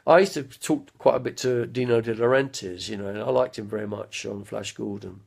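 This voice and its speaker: A man's voice: medium pitch, fairly quick, vocal fry, hardly any pauses, darkish tone. A man, chatting live from home to his viewers, drifting from one anecdote to the next. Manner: chatty, drifting between anecdotes, bursts into impressions and song. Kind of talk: rambling live-stream chat.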